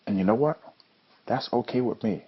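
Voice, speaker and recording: A man's voice: mid-range voice, normal speed, husky. A man from Florida giving an earnest, motivational storytelling monologue as a judo coach and show host. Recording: dull lo-fi recording.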